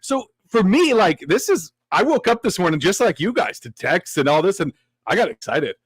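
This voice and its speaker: A man co-hosting a sports podcast, talking in an excitable, gleeful way. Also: sits high, moderate pace, husky, dry recording. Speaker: podcast co-host. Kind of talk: casual sports talk.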